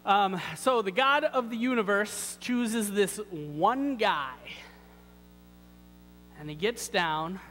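A man's voice: high-pitched, slow pace, fairly bright tone, big-room sound, slight background noise, low-quality recording. A man preaching a sermon in a church, talking in a conversational, wry way with many rhetorical questions. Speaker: pastor. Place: church sanctuary.

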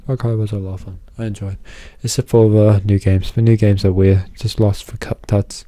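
Exhausted, this male YouTuber meanders through an off-the-cuff vlog, saying things over and making fun of himself. He speaks at normal speed in a fairly low, warm voice with a flat delivery.

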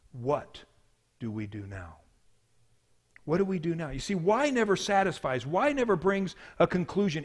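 A man preaching a sermon as pastor, telling a story with swings from hushed to loud. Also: on the high side.

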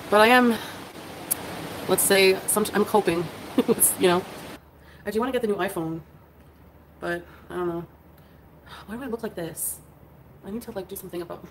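A congested, drowsy woman chats on a livestream in a voice of middling pitch. She rambles along, packing in fillers and little laughs. A faint hiss of noise runs underneath. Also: rough recording. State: congested and drowsy from flu medicine. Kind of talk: casual livestream chat. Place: bedroom.

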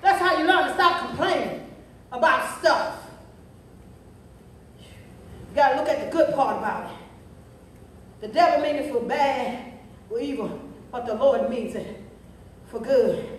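High-voiced woman preaching in an echoing church. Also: a little slow, long pauses, slight background noise. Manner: rhythmic preaching, a "huh?" after nearly every phrase; chanting, half-sung cadence when climaxing. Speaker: pastor. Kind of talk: sermon. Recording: echoey sanctuary, voice from a distance.

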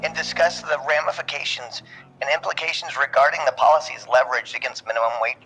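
A man in game role-play speaking formal jargon fast, his voice sounding tinny like an old phone. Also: mid-range voice, sharp tone, slightly rough. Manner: formal jargon-heavy, rattled off quickly. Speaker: minimum-wage voter in game role-play. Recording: tinny voice with faint noise.

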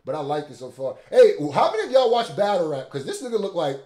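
Excitable male reaction host from Niger, slightly higher voice, roomy sound with music under it. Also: fast talker. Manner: excitable, loud exclamations. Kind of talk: casual reaction commentary.

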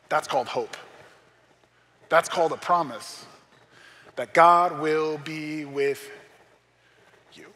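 A man's voice: high-pitched, a little slow, pauses often, a bit bright, in a large hall. A man preaching a sermon as pastor, in a conversational style with joking asides. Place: church sanctuary.

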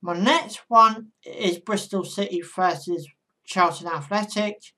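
A woman's voice: mid-range voice, takes it slowly, bright, forceful tone. A woman vlogger giving casual football predictions in a chatty monologue, talking straight to her viewers.

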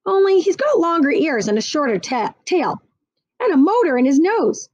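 A woman's voice: high-pitched, very animated, moderate pace, darkish tone, no echo, dull audio, voice pushed up. A woman doing a wry, wondering family dog. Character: curious male family dog, wry storyteller.

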